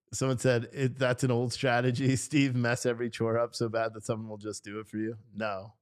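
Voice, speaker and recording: A man's voice: medium pitch, flat delivery, smooth. Profane, ranting male livestream host. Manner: profane, ranting, quick to laugh at himself. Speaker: livestream host reading chat. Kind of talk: casual unscripted livestream talk.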